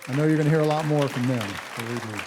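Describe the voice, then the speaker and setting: A man's voice: mid-range voice, racing, crowd noise, noisy background. A man hosting a live radio music show, introducing acts and reading upbeat sponsor and ticket announcements. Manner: upbeat, promotional.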